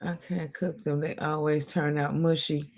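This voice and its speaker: A woman's voice: deep voice, little pitch movement, normal speed, creaky, darkish tone. A woman hosting a casual livestream, chatting playfully with a guest and laughing often. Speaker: livestream host.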